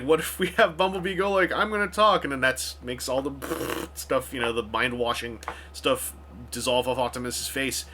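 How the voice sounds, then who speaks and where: A man's voice: fairly high pitch, pushed and bright. A man vlogging at home to camera, talking casually with lots of fillers, restarts and sarcastic asides. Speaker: vlogger reviewing a film. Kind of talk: casual rambling talk to camera.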